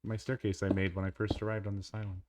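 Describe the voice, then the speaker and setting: Low-voiced man chatting on a stream. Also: little pitch movement, quick pace, background noise. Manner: laughing, swearing, rambling. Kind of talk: casual gameplay stream chat.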